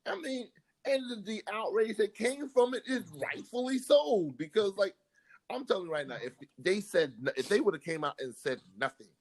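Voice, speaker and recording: A man's voice: sits high, animated, moderate pace, low-quality recording. A man co-hosting a sports podcast, ranting in exasperation and tripping over repeated words. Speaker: podcast co-host. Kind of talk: heated casual sports chat.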